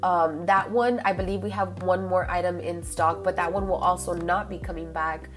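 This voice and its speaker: Young woman, podcast host, chatty casual chat, low-pitched, soft music behind. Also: fairly even intonation, normal speed. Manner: chatty, gushing, drops Spanish phrases into English.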